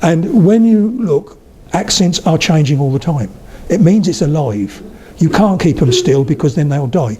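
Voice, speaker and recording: Older man giving a lively lecture. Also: a little high, moderate pace, crowd noise. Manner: chatty storyteller, slips into accent demonstrations. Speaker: guest speaker on spoken English. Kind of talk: public lecture.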